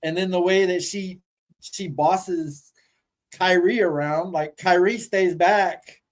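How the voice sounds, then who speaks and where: Guy on a podcast, kinda high voice, swears a lot, gets animated. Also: takes it slowly, low-quality recording. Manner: animated storytelling, casual swearing. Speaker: podcast co-host. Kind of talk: casual chat.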